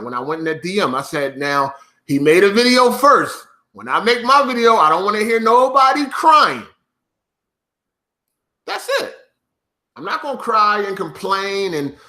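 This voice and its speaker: A man with a high, bright, forceful voice vents straight to his audience in a profane vlog rant. He repeats his points over and over with emphatic, swearing insistence. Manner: profane, repetitive, emphatic ranting. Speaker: YouTuber.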